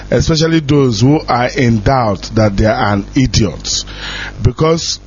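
Pleading man on muffled radio. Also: medium pitch. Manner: pleading, repetitive. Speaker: radio caller from the diaspora. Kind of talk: impassioned radio appeal. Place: radio studio.

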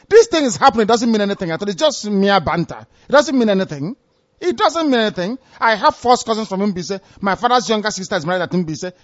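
Man, radio host, high voice, emphatic, repetitive, dull lo-fi sound. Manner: interrupts with repeated hold on, emphatic and repetitive. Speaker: radio host taking calls. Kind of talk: call-in radio talk.

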